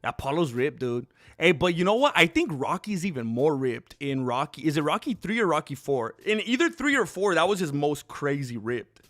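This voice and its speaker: A man hosting a casual livestream, chatting in a rambling, excitable way and calling viewers dude and bro. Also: a little high, moderate pace. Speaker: streamer host.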